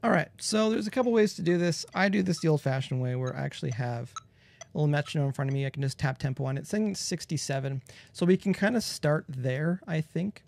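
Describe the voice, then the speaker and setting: A man's voice: fairly high pitch, fast talker, creaky, a little mellow. A man hosting a live mixing tutorial, talking casually into a close studio microphone and explaining each step as he goes, with plenty of fillers. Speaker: mixing engineer host.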